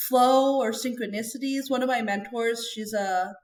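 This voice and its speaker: A fairly high-voiced woman talks candidly as a podcast guest. Her delivery is chatty and earnest and full of casual fillers. The sound bounces around an echoey room. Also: normal speed, a little mellow. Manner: chatty and earnest, heavy use of "like". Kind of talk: candid conversational interview.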